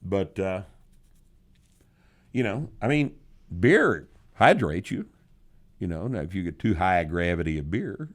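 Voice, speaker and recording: An older man hosting a podcast Q&A, answering listener questions in a blunt, sardonic way with some swearing. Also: deep voice. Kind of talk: casual podcast Q&A.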